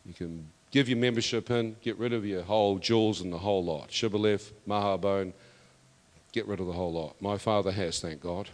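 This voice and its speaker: A man preaching a testimony sermon, emphatic and building to loud declarations. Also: fairly low pitch, fairly even intonation, fairly quick. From New Zealand. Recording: long reverb of a hall.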